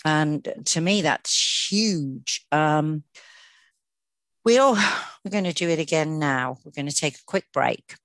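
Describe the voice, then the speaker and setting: A woman's voice: sits low, expressive, slow, fairly bright tone, no room sound. A woman co-hosting a podcast, talking in an earnest, chatty way with many fillers and restarts. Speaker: podcast co-host. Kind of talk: casual podcast chat.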